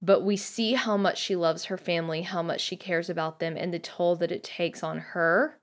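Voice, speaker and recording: Brief: a woman guest host, slightly low voice, reflective and unhurried, reading excerpts aloud. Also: steady tone. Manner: thoughtful, many ums, reads passages aloud. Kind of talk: podcast book discussion.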